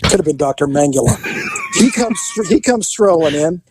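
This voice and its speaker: A man hosting a podcast, telling a police story in a casual, animated, profane way and acting out the dialogue. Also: fairly high pitch, moderate pace, a little hiss or hum. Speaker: podcast host and former police officer.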